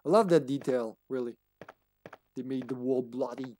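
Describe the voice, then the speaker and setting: A man's voice: mid-range voice, normal speed, warm tone, a little hiss or hum. A man streaming a video game live, chatting casually, giggling often and talking to the game and his cat. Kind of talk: casual gaming commentary.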